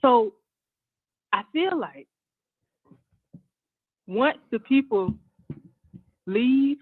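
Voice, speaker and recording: A fairly high-voiced man makes his case on a call-in show, earnest and repeating himself. The sound is thin, tinny and dry, as over a phone line. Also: lively intonation, very slow, breathy edge, no room sound. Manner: earnest, repetitive, getting emotional. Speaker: caller. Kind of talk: call-in commentary.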